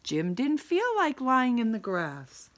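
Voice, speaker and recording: A woman reads a children's picture book aloud with a high voice that rises and falls a lot. She takes her time and keeps it animated. She stops now and then to ask her young listeners questions. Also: takes it slowly. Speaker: teacher reading aloud to children.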